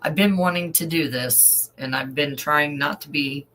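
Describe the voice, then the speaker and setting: A man's voice: fairly high pitch, bright, forceful tone, rough recording. A man reading a news story aloud and adding emotional asides as an online commentator. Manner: slow, emotional asides between read passages.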